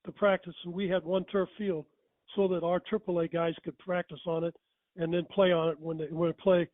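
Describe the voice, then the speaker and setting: Older male storyteller, higher voice, chuckling asides, tinny dry phone-like audio. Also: little pitch movement, a little fast, no echo. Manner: rambling, self-correcting, chuckling. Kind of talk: casual storytelling.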